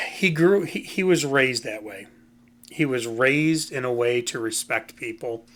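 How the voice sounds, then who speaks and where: A man's voice: medium pitch, measured pace, fairly bright tone. A man hosting a casual music commentary, talking in a rambling, opinionated way and often saying "you know" and "um". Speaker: host.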